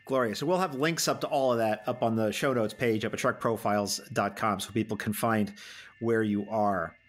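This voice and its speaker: A man's voice: lowish voice, steady tone, moderate pace. A man hosting a podcast interview, playfully announcing a mock game-show quiz in a theatrical way. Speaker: podcast host.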